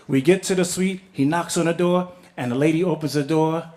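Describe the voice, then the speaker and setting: A man's voice: on the high side, brisk, darkish tone. A middle-aged man telling a story on stage, casual and profane, acting out the people he quotes.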